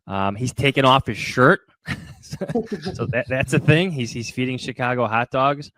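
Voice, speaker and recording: A man's voice: medium pitch, moderate pace, pushed and bright, dry recording. A man co-hosts a sports podcast in a mid-range voice, recorded dry and close. He stays easygoing and slips in light jokes. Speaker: podcast co-host. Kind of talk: casual podcast chat.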